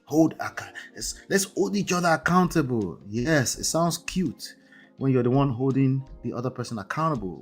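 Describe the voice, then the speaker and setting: A man's voice: mid-range voice, a little mellow, slightly rough. A man with an accent, hosting a live marriage-coaching stream in a conversational way, often checking in with "right?" and "okay?". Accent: non-native English accent. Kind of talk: livestream talk.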